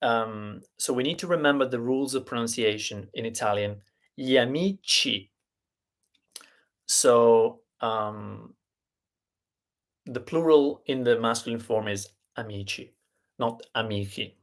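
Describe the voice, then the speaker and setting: Slow, deliberate male language teacher. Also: medium pitch. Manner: slow, deliberate explaining with fillers and restarts; spells out letters and sounds one by one. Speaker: Italian teacher. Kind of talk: live online language lesson.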